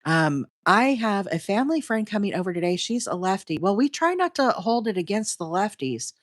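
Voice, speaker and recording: A middle-aged Southern woman chats casually on a crochet livestream, rambling and answering her viewers as she goes. Her voice sits at an ordinary pitch and sounds close and dry, with little room around it. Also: very animated, moderate pace, no room sound. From Alabama, US. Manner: chatty, rambling, talks straight to the chat. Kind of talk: casual live-stream chat while crocheting.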